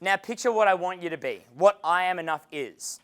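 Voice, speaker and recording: A man's voice: high-pitched, brisk, clean tone. A man giving a live dating seminar as coach, talking with energy and swearing freely. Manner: energetic and profane, acting out quotes. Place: seminar room.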